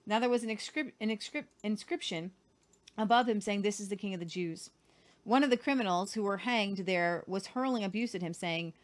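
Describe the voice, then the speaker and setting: A woman reads scripture aloud in an earnest, unpolished way. She now and then trips over and repeats a word, and she breaks off for casual remarks of her own. Her pitch sits in the middle range for a woman. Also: brisk. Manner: earnest, stumbles and repeats words while reading. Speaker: co-host of a Christian show.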